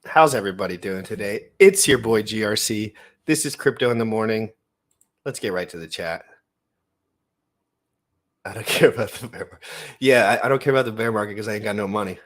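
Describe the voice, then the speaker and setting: A man's voice: medium pitch, a bit bright. A young adult man hosting a casual livestream, talking in a hyped, slangy, rambling way and greeting viewers by name. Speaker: livestream host. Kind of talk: casual livestream chat reading out viewer names.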